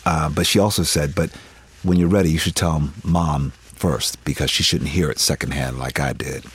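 A man's voice: extremely low pitch, fairly even intonation, moderate pace, fairly bright tone, slightly rough. A man in his fifties, a guest in an interview, candidly telling family stories and laughing often as he acts out relatives' voices. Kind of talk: candid personal storytelling.

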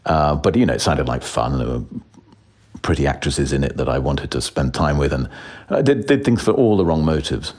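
A man's voice: very deep voice, animated, normal speed, darkish tone. A man in his sixties, an actor talking as a guest in a casual interview, self-deprecating with frequent chuckles and restarts.

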